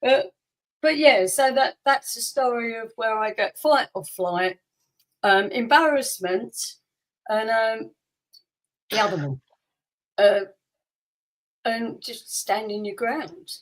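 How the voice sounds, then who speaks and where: A woman, a podcast co-host telling a personal story in casual chat. She tells it with lively energy, acting out quotes and laughing often. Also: fairly high pitch, slow, long pauses, poor audio.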